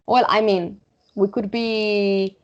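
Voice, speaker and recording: Woman, Spanish accent, English teacher, slow careful explaining, dull lo-fi computer mic. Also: medium pitch, level tone. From Spain. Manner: explains vocabulary slowly, repeats words and checks with "okay?". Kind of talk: online English lesson.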